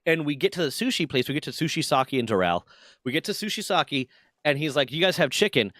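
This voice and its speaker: A man's voice: on the high side, fast, no room sound, studio quality. A man in his twenties chatting casually on a game stream, telling stories with lots of swearing and acted-out quotes. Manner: animated storyteller, swears often, acts out quotes. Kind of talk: casual chat while gaming.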